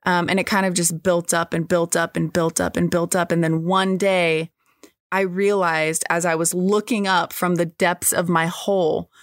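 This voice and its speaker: A woman's voice: on the low side, little pitch movement, normal speed, no echo, clean studio sound. A woman, a podcast guest, telling her personal testimony in an earnest, reflective way.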